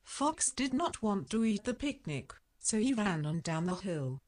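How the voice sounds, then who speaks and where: A woman reads a children's storybook aloud, taking each sentence slowly and deliberately. Her voice sits at an ordinary middle pitch and her pace is very unhurried, as if for young learners. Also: sing-song, a little mellow. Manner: slow, deliberate reading for learners. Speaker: storybook reader.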